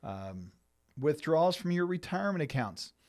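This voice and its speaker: A man's voice: a little high, very animated, moderate pace, darkish tone, no room sound, studio quality. A middle-aged man hosting a financial planning show, explaining things to viewers in a conversational way with frequent restarts and fillers. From United States.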